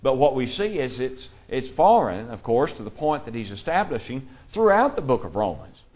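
A man leads a Bible class, speaking at a middle pitch. He explains each passage in a measured, steady way and reads verses aloud between his points.

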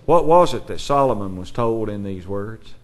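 A man's voice: fairly low pitch, expressive, moderate pace. Man teaching a Bible class; asks questions, reads verses aloud.

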